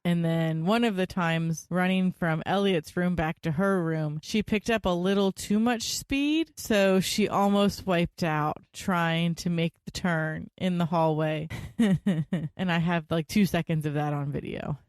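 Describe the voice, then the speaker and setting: A young woman co-hosting a podcast, telling family stories in a chatty, animated way. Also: on the low side, measured pace, smooth, no room sound, studio quality. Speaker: podcast co-host. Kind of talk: casual chat.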